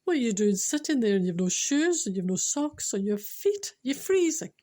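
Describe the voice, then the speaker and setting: A woman with a Scottish accent voicing a kind, caring woman helping a cold child, in a gentle, soothing tone. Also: on the high side, very animated, moderate pace. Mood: tender.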